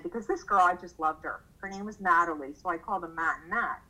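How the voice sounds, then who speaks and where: An older woman reminisces in a relaxed interview. Her voice is bright and clear. She tells her stories with lots of energy and leaps high in pitch when she acts out what people said. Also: quick pace, few pauses, low-quality recording. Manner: animated, acts out quoted voices with big pitch jumps. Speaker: interviewee, mother recalling her son. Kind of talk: casual storytelling in a conversation.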